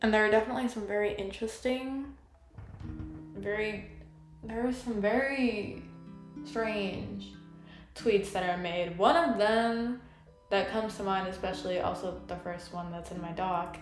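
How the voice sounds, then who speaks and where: Casting note: young female YouTuber, chatty and animated, in a roomy space with faint music underneath. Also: medium pitch, unhurried. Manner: gossipy, animated, many "like"s. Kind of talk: casual commentary video. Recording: echoey room, faint music.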